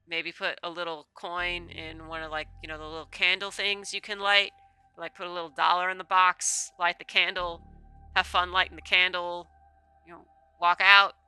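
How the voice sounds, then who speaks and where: A woman's voice: mid-range voice, pushed and bright, clear, resonant tone. A woman streamer who chats casually with rambling asides while reading a game's text aloud.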